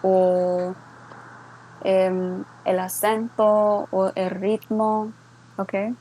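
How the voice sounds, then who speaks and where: A woman's voice: mid-range voice, extremely slow, rough recording. A woman walking listeners through a screen-share tutorial, mixing English and Spanish and checking in often with "okay?". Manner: relaxed, with many fillers. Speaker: server moderator explaining a bot.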